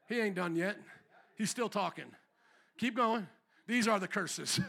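Fiery high-voiced bright male preacher. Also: slow, creaky, long pauses. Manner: fiery preaching, swings from low asides to shouted emphasis. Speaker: pastor. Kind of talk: sermon. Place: church.

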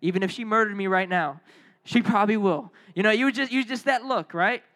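A man preaching a sermon as a youth pastor, telling lively stories and calling on the crowd to respond. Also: high-pitched, fairly quick.

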